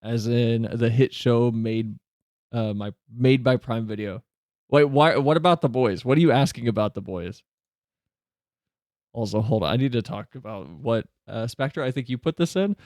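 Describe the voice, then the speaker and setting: A man streams live, chatting casually and answering questions from his chat, with quick asides that climb higher when he gets flustered. His tone is darkish, and the recording is dry and studio quality.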